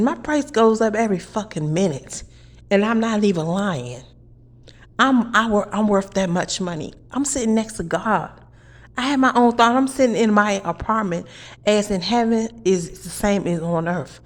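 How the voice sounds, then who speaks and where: A woman's voice: mid-range voice, animated, moderate pace. Angry profane woman ranting. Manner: heated, profane, preachy, repeats phrases. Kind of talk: angry monologue to camera. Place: her apartment.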